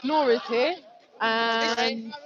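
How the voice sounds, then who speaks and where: A woman's voice: fairly high pitch, steady tone, drawn-out words. A woman chatting outdoors into a handheld phone, effusive and casually swearing. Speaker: vlogger filming at a public speaking spot. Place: busy outdoor public park. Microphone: handheld phone camera. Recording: dull lo-fi phone audio, loud crowd.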